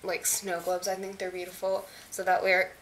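A young woman vlogging as an excited fan, gushing and chatty with lots of fillers. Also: on the low side, moderate pace. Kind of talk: casual chat. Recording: faint hiss.

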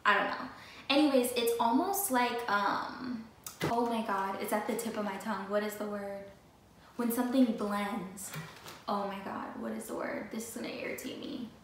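A woman's voice: mid-range voice, moderate pace. A young woman vlogger chatting casually and with lots of energy, talking straight to her viewers about her new sneakers. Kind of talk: casual sneaker haul chat. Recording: echoey room with faint noise.

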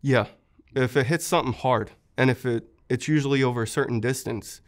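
A man's voice: mid-range voice, fairly quick. A young man, a war veteran, earnestly recounting how he was wounded, in an interview, with many fillers.

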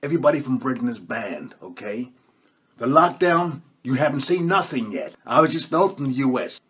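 A man's voice: mid-range voice, expressive, moderate pace, a bit bright, slightly rough. A man doing a comic impression of a boastful, bossy male world leader who keeps tacking "okay?" onto his lines. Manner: bragging, bossy, repeats "okay?".

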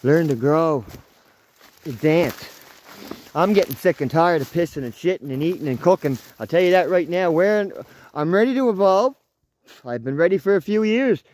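A man in his thirties vlogging while hiking through the woods, excitable and swearing freely, talking to his dog as he goes. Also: a little high, moderate pace, slight background noise. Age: 30s. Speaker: outdoors vlogger. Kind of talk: casual walking vlog. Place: outdoors in woods.

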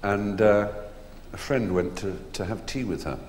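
Middle-aged English man, deep voice, hesitant anecdotal storyteller on a live stage, faint hall reverb. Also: measured pace, a little mellow. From England. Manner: rambling, hesitant storytelling with many fillers. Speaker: guest performer. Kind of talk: anecdotes before a live audience. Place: theatre stage. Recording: echoey hall, faint noise.

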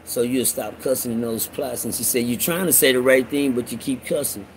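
A man's voice: mid-range voice, fairly even intonation, brisk, a little hiss or hum, rough recording. A man with a Texas accent telling a rambling, streetwise story to his listeners, cursing often and calling them y'all. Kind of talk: casual storytelling monologue.

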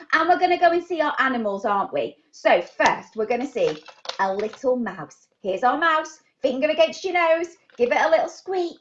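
A woman running a live online baby sign class, talking to toddlers in an animated, sing-song way. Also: high voice, moderate pace, highs cut off.

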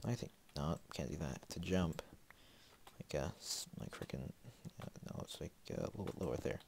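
Man, very deep voice, sniffly, rambling Let's Play commentary, lots of ums and restarts. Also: moderate pace, gravelly, darkish tone, a little hiss or hum. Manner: rambling, filler-heavy, talking to himself. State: sniffly with a slight cold. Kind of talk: casual gameplay commentary.

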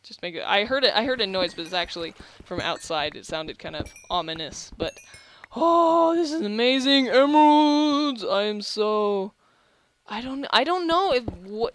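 A young adult gaming host giving excitable, gushing let's-play commentary, often restarting sentences. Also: mid-range voice, slight background noise.

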